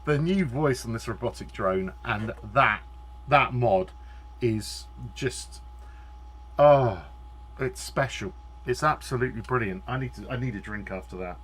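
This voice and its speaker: Excitable man streaming a game. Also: mid-range voice, unhurried, slight background noise. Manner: excitable, laughing, thinking aloud. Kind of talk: live gameplay commentary.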